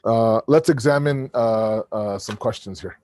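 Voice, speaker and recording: Booming male lecturer on a video call, animated, dry close sound, frequent restarts. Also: a little slow, no room sound. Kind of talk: online religious lecture.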